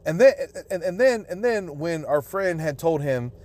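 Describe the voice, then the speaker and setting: A young man with a drawl hosting a solo podcast rant, swearing nonstop and sounding outraged and emphatic. His voice sits a little higher than most men's, and he keeps up a crude, indignant tone throughout. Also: lively intonation, moderate pace, darkish tone. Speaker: podcast host.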